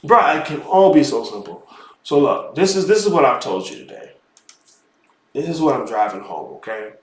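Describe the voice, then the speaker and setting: A man teaching spirituality in a casual, animated lecture, emphatic and profane, who keeps calling the listener "bro". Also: mid-range voice, moderate pace. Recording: roomy echo.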